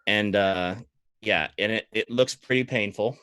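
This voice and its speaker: Bright-voiced male dungeon master. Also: lowish voice, measured pace, slight background noise. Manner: relaxed, guiding, laughs often. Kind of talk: narrating a tabletop game.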